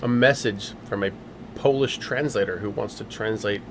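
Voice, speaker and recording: A man's voice: fairly low pitch, moderate pace. Male livestream host, loose rambling delivery, faint background noise. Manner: rambling, many fillers and restarts. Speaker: livestream host, game company owner. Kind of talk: casual livestream chat.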